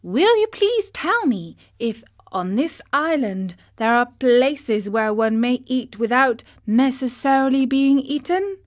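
A fretful, impulsive puppet boy, as a woman reading a storybook puts him on, with a raised, youthful voice that jumps quickly into alarm. He talks eagerly and unhurriedly, slightly slower than usual speech. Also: expressive. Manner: high, eager and easily frightened.

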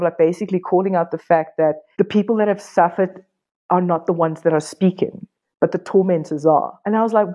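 A woman artist, a podcast guest, telling stories frankly and casually, swearing and quoting others in lively voices. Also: medium pitch. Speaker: artist and workshop teacher, guest. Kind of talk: candid conversational storytelling.

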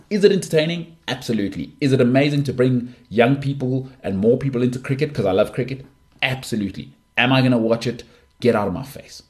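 A man's voice: lowish voice, darkish tone. A middle-aged man hosting a solo sports podcast, talking in an opinionated, emphatic way with frequent restarts. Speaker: podcast host.

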